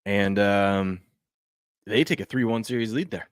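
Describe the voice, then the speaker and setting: A man's voice: lowish voice, unhurried, clear, resonant tone, dry recording. A man hosting a casual sports talk show, rambling and restarting his sentences as he reacts to game clips and chat. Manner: rambling, repeats himself, frequent restarts and fillers.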